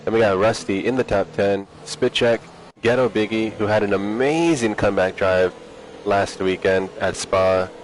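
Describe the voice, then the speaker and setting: A man commentating an online sim racing league, relaxed and chatty with a teasing edge. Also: fairly low pitch, moderate pace, a little hiss or hum. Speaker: race commentator.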